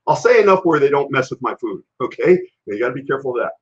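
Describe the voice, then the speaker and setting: Speaking very fast in a mid-range voice, a man hosts a casual health and fitness live-stream. His storytelling is rambling, animated and blunt, and the lo-fi stream audio sounds dull.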